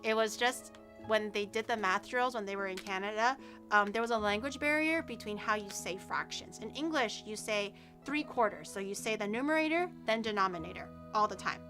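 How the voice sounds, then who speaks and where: A woman streamer telling stories in casual chat, animated and laughing often. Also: mid-range voice, brisk, over music.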